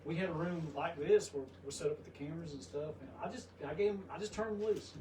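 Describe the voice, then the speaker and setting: A man's voice: fairly high pitch, quick pace, crowd noise. A man, a guest on a ghost hunt, telling a story earnestly. He trails off and restarts in a drawling way. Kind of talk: casual storytelling. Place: old hotel interior at night. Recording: roomy, distant, noisy.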